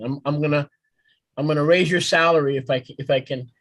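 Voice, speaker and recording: A man's voice: a little high, steady tone, fairly quick, dry recording. A man leading a congregation meeting, joking and teasing the others in playful banter. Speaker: congregation leader.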